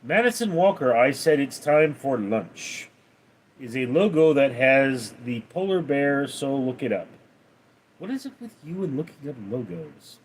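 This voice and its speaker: On a livestream, the host reads chat aloud, announcing donors' names and their questions with lively energy before replying in a flat, low voice. He speaks unhurriedly, with a little hiss or hum in the background of this casual Q&A.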